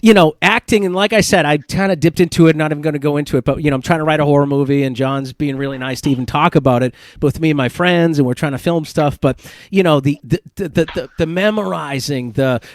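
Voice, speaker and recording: Excitable, swearing podcast host man. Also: fairly high pitch, fast, no room sound, clean studio sound. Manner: excitable, swears often, rambling. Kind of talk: casual podcast chat.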